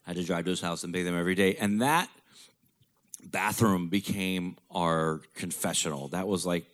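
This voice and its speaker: A man's voice: low-pitched, fairly even intonation, moderate pace, fairly bright tone. Blunt, profane male storyteller. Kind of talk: candid personal storytelling.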